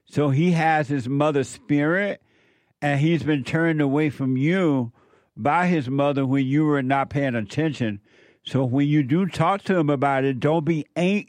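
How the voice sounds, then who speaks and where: A man hosting a call-in radio show, giving slow, repetitive advice to callers. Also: a little high, no room sound.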